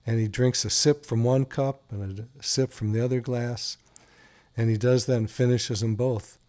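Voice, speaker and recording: A man's voice: medium pitch, fairly even intonation, normal speed, a little mellow. A man hosting a talk radio show, joking and telling stories in a casual, playful way. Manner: playful, joking, teasing his co-host. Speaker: radio show host, doctor.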